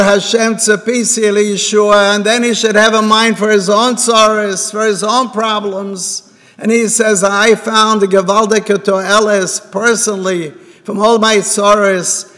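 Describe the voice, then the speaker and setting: A man's voice: high voice, a bit bright. A man giving a sermon at a synagogue, telling a parable and voicing the characters' words himself. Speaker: rabbi giving a talk. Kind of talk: sermon with storytelling. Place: synagogue hall. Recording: reverberant hall.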